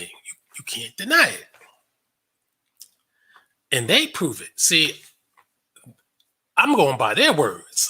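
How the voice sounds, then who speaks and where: A man's voice: medium pitch, bright, forceful tone, slightly rough. A man hosting a casual commentary monologue, blunt and sarcastic, swearing freely and laughing often. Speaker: online show host.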